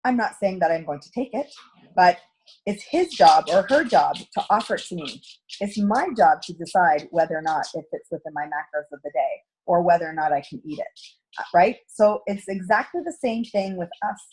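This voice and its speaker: A woman's voice: lowish voice, animated, moderate pace, darkish tone, breathy edge. A middle-aged woman coaching a direct sales team in a chatty storytelling talk, acting out quoted dialogue. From Canada.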